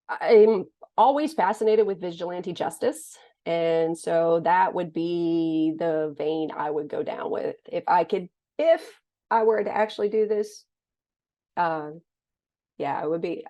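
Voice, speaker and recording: A woman's voice: on the low side, warm tone, dull audio. A woman in her forties from the United States, a thriller author who answers interview questions in a casual, joking, self-deprecating way.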